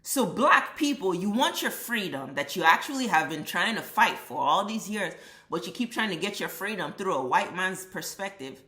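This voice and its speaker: A woman's voice: on the low side, animated, moderate pace, bright, forceful tone, reverberant. A woman vlogger delivering an impassioned, profane commentary rant, driving her points home with emphatic repetition.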